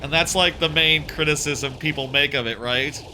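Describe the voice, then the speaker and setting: A man's voice: a little high, moderate pace. A man giving casual gameplay commentary as a streamer, rambling and sardonic, with frequent stammered restarts.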